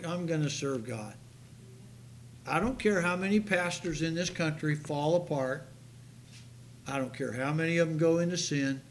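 A man preaching a sermon to his congregation, telling a story with animated delivery that rises to near-shouts. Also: a little high, a little hiss or hum. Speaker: pastor. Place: church sanctuary.

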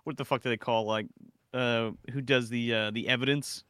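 A man reviewing a film in casual podcast chat, retelling scenes with lively, profane energy. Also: mid-range voice, moderate pace, smooth, no echo, clean studio sound. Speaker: movie reviewer.

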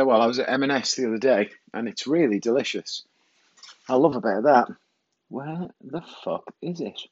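A man's voice: mid-range voice, slight background noise. Guy waffling on his podcast in the kitchen, cheeky and sweary, slightly dull sound. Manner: chatty, self-mocking, swears casually. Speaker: podcast host. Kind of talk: rambling solo podcast chat. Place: home kitchen.

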